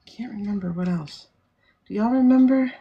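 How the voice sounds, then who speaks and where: A woman chats loosely through a livestream, rambling and laughing as she goes. Her voice has a gravelly, fry-touched edge. Her pitch sits in an ordinary middle range. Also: normal speed, lo-fi sound. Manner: chatty, rambling, laughs often. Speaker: livestream host. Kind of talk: casual livestream chat.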